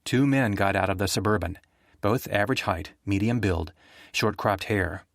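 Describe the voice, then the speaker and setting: A man narrating a thriller audiobook in a steady, even storytelling manner. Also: lowish voice, moderate pace, dry recording, clean studio sound.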